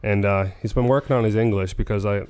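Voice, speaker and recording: A man's voice: fairly low pitch, steady tone, fast, a little mellow, clean tone. Easygoing Boston man on a podcast. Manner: loose and joking, drops r sounds. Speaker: podcast co-host. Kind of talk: casual chat.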